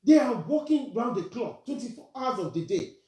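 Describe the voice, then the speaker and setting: A woman's voice: on the high side, big pitch swings, moderate pace, mellow, reverberant. A Nigerian woman ranting indignantly in a vlog, firing rhetorical questions and slipping between Pidgin and plain English. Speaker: social media commentator. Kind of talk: angry vlog rant.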